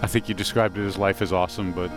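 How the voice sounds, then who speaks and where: A man interviewing musicians, halting and repeating himself, often laughing. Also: low voice, little pitch movement, over music. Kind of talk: casual interview.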